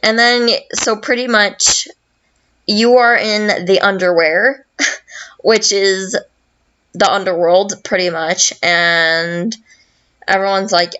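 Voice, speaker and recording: A young woman hosts a podcast, telling a story in a slow, loose, rambling way. She swears a lot and fills gaps with fillers. Her recording sounds dull and lo-fi. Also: mid-range voice, fairly even intonation, bright, forceful tone, smooth. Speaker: podcast host. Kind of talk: casual plot retelling.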